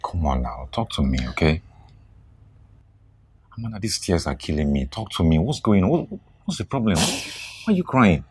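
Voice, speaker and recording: A man's voice: a bass voice, expressive, normal speed, pauses often, darkish tone, husky, full character voice. A man playing a pleading, caring Nigerian friend. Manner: pleading, repeats himself.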